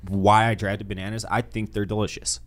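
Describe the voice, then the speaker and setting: A man's voice: on the low side, level tone, fairly quick. A man co-hosting a casual podcast chat, eager and agreeable but opinionated.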